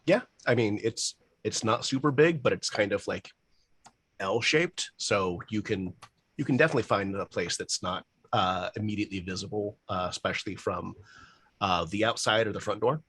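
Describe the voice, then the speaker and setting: A man's voice: lowish voice, normal speed, fairly bright tone, husky, no room sound. A man running a tabletop game as game master, casual and swearing freely.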